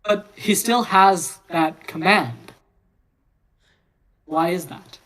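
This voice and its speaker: A man in a casual philosophical discussion who speaks clearly and loudly, stressing his words and speaking carefully. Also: high-pitched, very slow, low-quality recording. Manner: clear, loud, emphatic, careful speech. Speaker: discussion participant.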